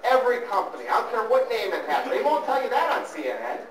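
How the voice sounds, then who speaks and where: A man's voice: extremely high pitch, sing-song, fast talker, crowd noise. A man giving a live financial seminar, teasing the audience and repeating points with emphasis. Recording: roomy hall from a distance.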